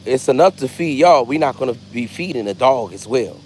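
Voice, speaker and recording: A man vlogging, telling stories in a loose, animated way and acting out voices. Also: medium pitch, fairly quick, slight background noise. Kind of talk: casual storytelling.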